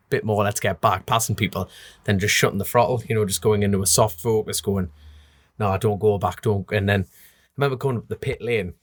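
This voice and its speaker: A lowish-voiced man with a North East English accent, from the North East of England, is recorded in studio quality with no room sound. He's a motorbike road racer telling stories in a casual podcast chat, lively and acting out other people's voices.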